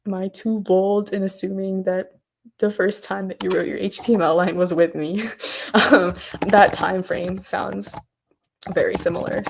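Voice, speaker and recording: A woman with a mid-range voice hosts a workshop stream in an easygoing, chatty way. She gushes, giggles often and fills her talk with "um" and excited exclamations. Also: medium pitch, gravelly, breathy edge. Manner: bubbly, gushing, giggly, frequent "um" and "oh my God". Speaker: workshop host. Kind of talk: casual livestream commentary.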